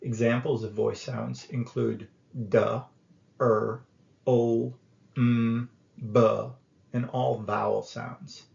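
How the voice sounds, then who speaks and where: A man teaching English grammar, explaining each point slowly and deliberately, with frequent pauses and fillers. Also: medium pitch, little pitch movement, vocal fry, darkish tone, echoey room. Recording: dull lo-fi recording.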